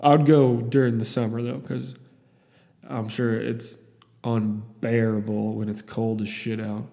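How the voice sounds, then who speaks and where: A man's voice: mid-range voice, level tone, a little slow, vocal fry, mellow, long reverb tail. A young man from Iowa telling a story in a casual, rambling, profane way, with many restarts.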